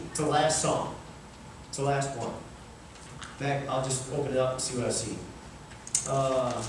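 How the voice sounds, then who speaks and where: A man preaching a sermon as pastor, animated and rising to fervent cries. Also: fairly high pitch, a little hiss or hum. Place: large church sanctuary. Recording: echoey room, miked from far off.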